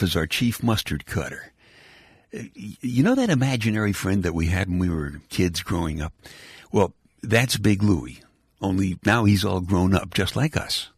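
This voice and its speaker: A man's voice: low-pitched, slightly rough, no room sound. An older man from Brooklyn, hosting a bedtime podcast and telling a folksy, rambling story with wry humor. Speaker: podcast host.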